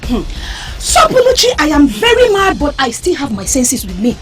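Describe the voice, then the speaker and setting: An actress with a Nigerian accent playing a scornful, confrontational friend in a drama. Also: female voice, high-pitched, wildly swooping pitch, moderate pace, a bit bright, soft background music, heavily acted. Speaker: friend (Mwaka). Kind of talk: Nollywood drama acting.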